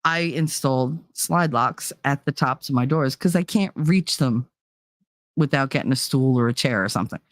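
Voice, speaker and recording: Her voice is extremely low, and she speaks at a moderate pace in studio-quality audio with no room sound. This channel host rambles through casual stories on her livestream, peppering them with "like" and "you know" and occasionally breaking into laughter.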